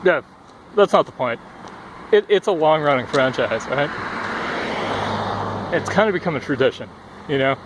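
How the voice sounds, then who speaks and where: With a fairly high pitch, this young man speaks expressively at a moderate pace, pausing often. Vlogging outdoors by a busy road on a headphone cord mic, he rambles breathlessly with many fillers and swear words while cars faintly pass.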